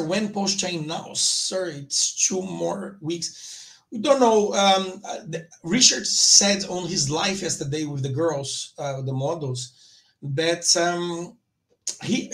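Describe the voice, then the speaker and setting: A man's voice: sits high, fairly bright tone. A man hosting his own crypto channel live, talking loosely and rambling, with frequent restarts. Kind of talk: casual livestream commentary.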